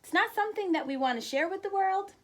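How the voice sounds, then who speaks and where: A woman hosting a weekly live show, talking casually and inspirationally to her viewers, chatty and quick to laugh, greeting people by name. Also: very high-pitched, expressive.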